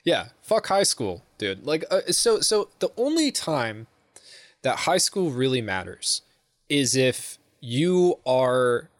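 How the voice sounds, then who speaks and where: A man's voice: medium pitch, big pitch swings, slow, dry recording, clean studio sound. A young man co-hosting a podcast in casual chat, rambling with lots of swearing and laughter. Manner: rambling, profane, laughs often. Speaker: podcast co-host.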